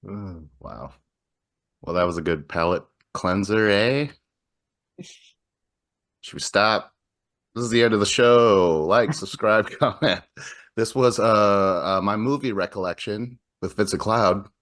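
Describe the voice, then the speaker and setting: A man's voice: on the low side, measured pace, long pauses, fairly bright tone. A man hosting a casual movie podcast, laughing often and swearing casually. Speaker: podcast host. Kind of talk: casual chat about movies.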